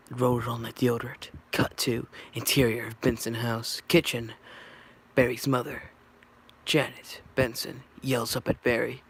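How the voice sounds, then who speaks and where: A man's voice: medium pitch, gravelly, husky. Man casually reading a script aloud. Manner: stumbling, self-correcting, offhand. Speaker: reader.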